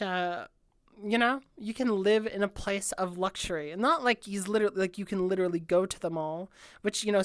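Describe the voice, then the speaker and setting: A woman's voice: mid-range voice, clean tone, dry recording, studio quality. A woman streamer giving a casual improvised breakdown of an album, rambling with lots of filler words and free swearing.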